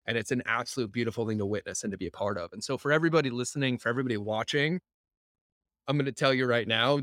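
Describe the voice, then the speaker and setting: Brief: male podcast host, average pitch, dry close sound, animated and emphatic, drops swear words. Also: no echo. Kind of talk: casual chat.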